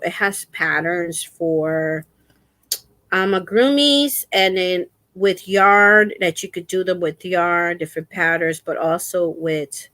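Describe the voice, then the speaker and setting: Slow, chatty woman livestream host. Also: mid-range voice, a bit bright, dry recording. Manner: rambling, faith-filled, chatty with viewers. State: in pain, resting a sore foot. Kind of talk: casual livestream chat.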